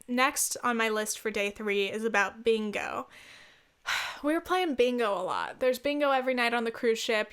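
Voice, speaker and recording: A woman's voice: fairly high pitch, a bit bright, smooth. A woman hosting a solo podcast, telling a travel story in a chatty, laughing way with casual swearing. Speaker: podcast host.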